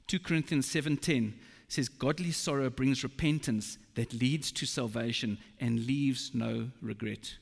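A man preaches a sermon in a slow, emphatic way, with a gravelly edge to his voice. His words ring out with the long reverb of a large hall. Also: medium pitch.

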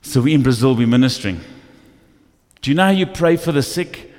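A male pastor preaching a sermon, telling stories with lively acted asides in a church. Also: mid-range voice, fairly quick. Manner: animated storytelling with acted asides. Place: church hall. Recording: echoey church hall.

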